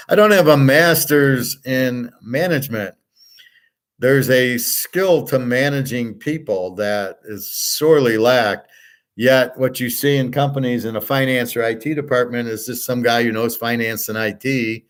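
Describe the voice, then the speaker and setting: Blunt rambling man, casual monologue. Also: medium pitch. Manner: often trails off with soft fillers. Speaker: podcast host.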